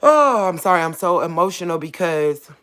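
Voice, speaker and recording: Woman, online preacher, informal sermon, emphatic then hushed, "real talk" asides. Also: very animated, normal speed. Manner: repeats "real talk" and "you get what I'm saying"; rises high and emphatic, then drops soft and emotional. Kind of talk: informal spoken sermon to camera.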